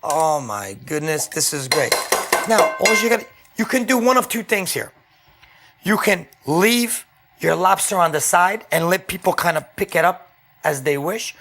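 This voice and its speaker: A man's voice: high voice, a bit bright. A man hosting a home cooking show, demonstrating a dish in a casual, chatty way and often checking in with "okay?". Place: home kitchen.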